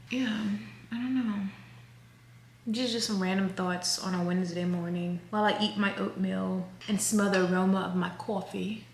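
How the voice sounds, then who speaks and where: A woman's voice: medium pitch, steady tone, moderate pace, roomy sound. A woman, chatting casually to camera as a vlogger, rambling and correcting herself as she goes. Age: 30s.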